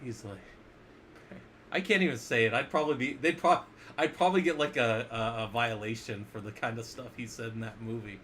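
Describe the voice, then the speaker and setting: A man's voice: medium pitch, fairly quick, fairly bright tone, a little hiss or hum. A man teaching a casual screen-share lesson as an instructor, playful and jokey, often asking the viewers questions.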